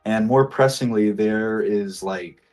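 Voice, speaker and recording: A man's voice: on the low side, takes it slowly, darkish tone, faint music behind. A man narrating a tabletop role-playing game as game master, hesitant and full of fillers.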